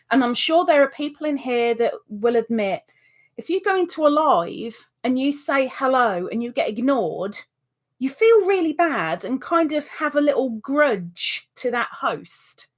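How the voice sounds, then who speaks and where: A woman hosts a live stream with a relaxed, unhurried delivery and a voice sitting a little high. She chats casually, reads out viewer comments and answers them, and bursts into excitable exclamations.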